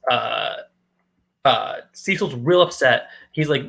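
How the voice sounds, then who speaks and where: A man co-hosting a comic book podcast, walking through the story in a laid-back way. His voice is gravelly and bright. He quotes the characters' lines as he goes. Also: mid-range voice, a little slow, poor audio. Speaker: podcast co-host. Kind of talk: casual comic book recap.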